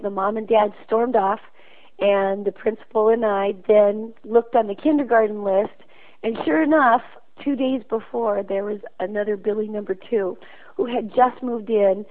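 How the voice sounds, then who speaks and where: A school principal, a woman, calling in to tell a story in an earnest, conversational way. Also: medium pitch. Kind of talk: phoned-in storytelling. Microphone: phone. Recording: tinny phone line.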